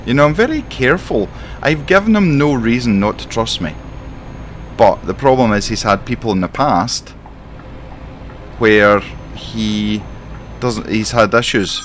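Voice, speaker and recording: A man's voice: on the low side, animated, a little slow, long pauses, slight background noise. A man with a Scottish accent giving rambling, exasperated in-character commentary while playing a trucking game. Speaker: simulation gamer playing a truck driver.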